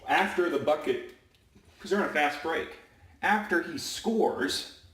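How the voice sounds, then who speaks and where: A man who works as a high school basketball referee, telling stories casually in a rambling way and often correcting himself. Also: animated, a little slow, fairly bright tone, far from the mic. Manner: rambling, self-correcting, with many fillers. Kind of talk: casual storytelling vlog. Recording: roomy echo, away from the mic.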